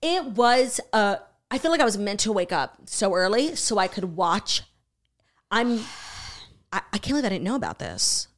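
A woman co-hosting a podcast, chatting casually as she retells a true crime documentary, swearing freely and acting out what people said. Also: mid-range voice. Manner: animated, swearing, acts out quotes. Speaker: podcast co-host.

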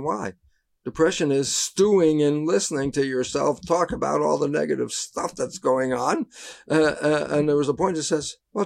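Gravelly older man telling stories. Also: fairly high pitch. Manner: animated storyteller who acts out voices and laughs at his own anecdotes. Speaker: guest. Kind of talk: casual interview storytelling.

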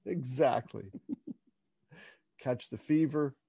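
A man's voice: medium pitch, slow, vocal fry, dark tone, husky, dry recording. A man in a podcast conversation, mostly giving short agreements and playful wordplay.

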